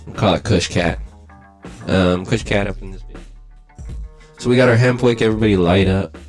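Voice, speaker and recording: A man's voice: deep voice, moderate pace, darkish tone, soft background music. A young man hosting a podcast, rambling loosely and self-deprecatingly with plenty of swearing. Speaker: podcast host. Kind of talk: casual, profane podcast chat.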